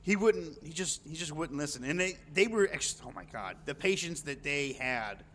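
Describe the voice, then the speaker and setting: A man's voice: a little high, expressive, moderate pace, a bit bright. A man streaming live, telling a story casually, chatty and swearing freely as he acts out what people said. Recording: long reverb, faint background noise.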